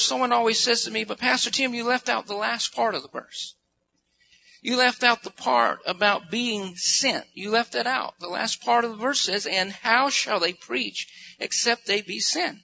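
A man's voice: high voice, vocal fry, sharp tone, highs cut off, a little hiss or hum. A man preaching a sermon as pastor, earnest and building to emphatic peaks.

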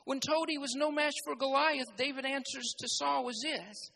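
Preacher, high voice, bright tone, repeats phrases, emphatic sermon delivery. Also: fairly even intonation, moderate pace, creaky, slight background noise, low-quality recording. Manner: builds to loud, emphatic preaching.

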